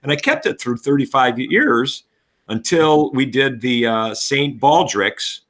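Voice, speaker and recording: A man spins animated stories from a long teaching and coaching career. His voice is bright and forward, and he drops into quick impressions of the people in his anecdotes. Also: medium pitch. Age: 60s. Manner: animated storyteller, acts out voices. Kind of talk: casual podcast chat.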